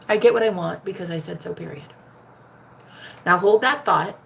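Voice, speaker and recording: Brash, sassy American woman with gravelly edge. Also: on the low side, normal speed, a bit bright, a little hiss or hum. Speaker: spiritual manifestation coach. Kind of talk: casual livestream talk.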